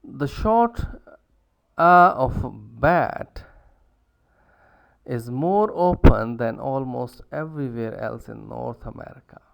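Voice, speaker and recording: A man giving a recorded lecture, halting with many fillers and self-corrections, repeating words aloud to show how they are pronounced. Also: medium pitch, expressive, creaky, dark tone, clean tone. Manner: repeats words to demonstrate pronunciations. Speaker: university lecturer.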